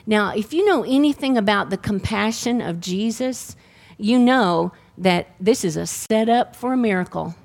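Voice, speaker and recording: In her sermon, a middle-aged woman vividly tells her personal healing testimony. Her gravelly voice sits in the mid range, at a moderate pace.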